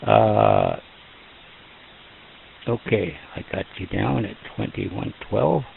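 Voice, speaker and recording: A man's voice: lowish voice, wildly swooping pitch, vocal fry, narrow, tinny audio, a little hiss or hum. A man running an amateur radio net, chatting in a folksy, joking way over a radio transmission. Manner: folksy, joking, slow and drawn out. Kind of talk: casual radio net chat.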